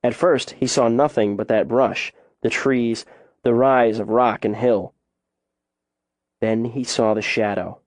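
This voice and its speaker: A man narrating a suspense novel as an audiobook, in a measured, unhurried storytelling manner. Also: medium pitch, darkish tone, no room sound, clean studio sound.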